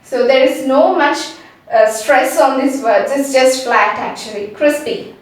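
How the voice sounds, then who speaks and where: Woman, pronunciation teacher, slow and patient, voice set back from the mic in a very echoey room. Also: high voice, distant mic. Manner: spells out sounds letter by letter, frequent "okay?" checks. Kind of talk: slow explanatory lesson.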